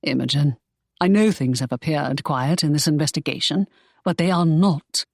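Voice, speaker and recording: A woman's voice: low-pitched, normal speed, creaky, a little mellow, breathy edge, no room sound, studio quality, heavily acted. A woman voicing a stern, curt young pirate. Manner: curt and scolding. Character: stern, brusque young man, a secretive pirate. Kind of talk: audiobook character voice.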